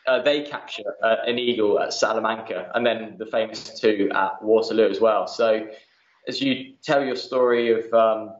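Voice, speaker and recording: A male museum manager chatting as a podcast guest, often pausing on "uh" as he talks. The recording is roomy and a little dull, with a hint of reverb. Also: fairly low pitch, steady tone. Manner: chatty, lots of "uh" fillers. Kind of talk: casual interview chat.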